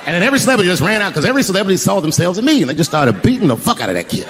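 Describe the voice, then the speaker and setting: A man telling a profane stand-up story on stage, breaking into shouted impressions. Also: sits high, very animated, rapid-fire. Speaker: stand-up comedian. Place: comedy stage before a live audience. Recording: live show with crowd laughter and noise.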